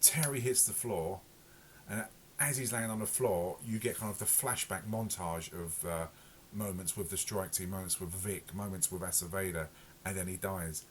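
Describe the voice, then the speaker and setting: A man's voice: sits low, normal speed, a little hiss or hum. A man reviewing a TV episode in casual, rambling talk full of fillers and self-corrections. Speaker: podcast reviewer.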